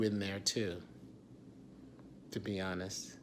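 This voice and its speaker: A man in his forties, an actor, talking candidly in a confessional vlog, raw and intense, often dropping to a hushed whisper and swearing freely. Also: medium pitch, wildly swooping pitch, slow pace, vocal fry. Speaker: actor and writer.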